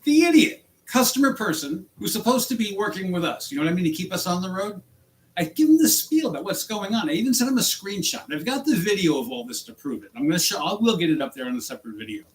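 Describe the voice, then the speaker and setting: A man's voice: sing-song, quick pace, low-quality recording. Furious man ranting about his job. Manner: angry, exasperated ranting with pitch jumps. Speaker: rideshare driver and channel host. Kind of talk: ranting vlog.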